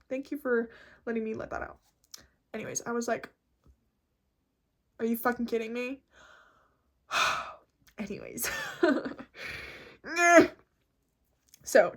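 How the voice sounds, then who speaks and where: A woman vlogger chatting casually and reading notes aloud, excitable and profane, laughing easily. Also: sits high. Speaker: vlogger explaining reality shifting.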